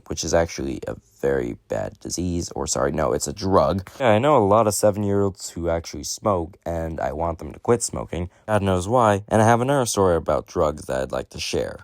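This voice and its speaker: A man telling a rambling, deadpan mock stand-up story to a pretend audience. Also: deep voice, no echo, studio quality.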